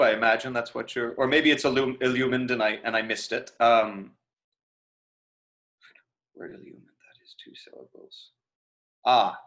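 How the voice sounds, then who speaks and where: A man with a mid-range, slightly bright voice teaches an acting class over video call. He answers chat questions in a live online lecture Q&A, casual and chatty, thinking aloud with lots of fillers and restarts.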